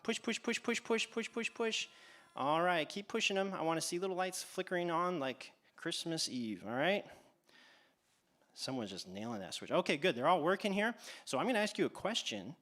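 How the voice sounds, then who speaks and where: Upbeat male game-show host for kids, playful and teasing, pitch sits a bit high and swings widely. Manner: animated, teasing, exaggerated pauses. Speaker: quiz host at a church kids' event. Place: church hall stage.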